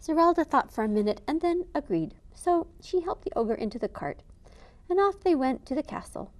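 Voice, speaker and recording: Expressive woman reading a storybook aloud. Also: sits high, moderate pace. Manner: expressive, animated read-aloud. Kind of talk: reading a picture book aloud.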